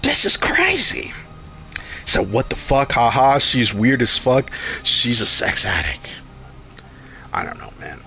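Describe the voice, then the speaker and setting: A man's voice: mid-range voice, expressive, unhurried, pushed and bright, soft background music. A young man streaming, telling a rambling, profane story in casual chat and acting out his own lines.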